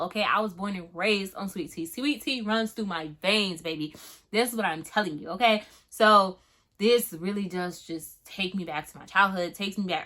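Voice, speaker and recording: A woman's voice: medium pitch, normal speed, fairly bright tone. A young woman from Florida with a Southern accent, chatting casually through a fragrance review with lots of "um"s and emphatic "okay?"s. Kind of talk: casual product review vlog.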